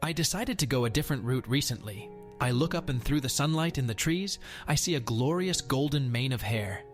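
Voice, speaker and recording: A man's voice: medium pitch, animated, fairly quick, soft background music. A man narrating a Reddit post aloud in a wry, sardonic manner.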